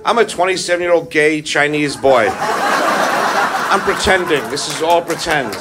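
A man's voice: a little high, a little slow, very noisy. A man doing a profane, confrontational stand-up set, recorded live on a club stage with a handheld mic. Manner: profane, confrontational, aggressive punchlines. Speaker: stand-up comedian. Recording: live club recording with loud crowd laughter.

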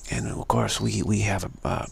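A man's voice: lowish voice, fairly even intonation, moderate pace, vocal fry, breathy edge. A man giving an unscripted spiritual talk as its teacher, repeating phrases over and over. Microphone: livestream mic.

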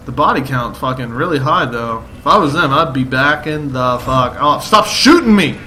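A man commentating a let's play while taking shots, shouting profane, excitable outbursts at the game. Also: mid-range voice, moderate pace, slight background noise. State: drinking shots during play. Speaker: gamer playing a shooter.

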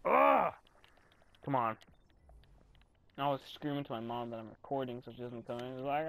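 A man's voice: medium pitch, animated, normal speed, vocal fry, long pauses. Raging young man gamer, swearing. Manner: swearing, yelling outbursts of frustration. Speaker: gamer commentator. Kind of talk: casual gameplay commentary.

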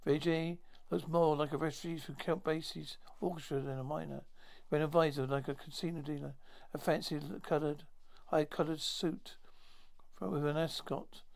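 A man retelling a science fiction episode aloud in a halting way, with many restarts and self-corrections. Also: on the high side, steady tone, creaky, a little mellow. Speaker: storyteller.

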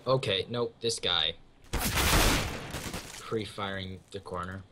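A man's voice: low voice, slow pace, heavy background noise. A man calling out enemy positions during a team game, poking fun at himself. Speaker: gaming teammate. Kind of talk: casual gameplay callouts. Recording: loud gunfire under voice chat.

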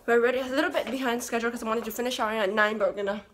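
A woman's voice: on the high side, steady tone, racing. Chatty young woman vlogging over noise. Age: young adult. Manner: chatty, filler-heavy, upbeat. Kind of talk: casual vlog chat.

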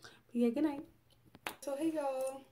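A woman's voice: sits high, steady tone, slow pace, mellow, slight background noise. A young woman, vlogging in a casual chat and often addressing her viewers directly. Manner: chatty, laughs often, addresses viewers as y'all.

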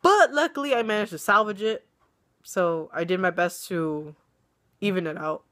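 This is casual vlog chat from a young adult woman, captured on a webcam or phone camera, with a medium-pitched, fairly bright voice at a moderate pace. She's chatty and self-deprecating, though being sick has worn her voice down so it fades in and out.

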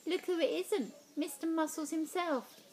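A woman's voice: fairly low pitch, very animated. A woman doing a sneering teenage bully. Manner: slow, drawling, taunting. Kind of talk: storybook read-aloud.

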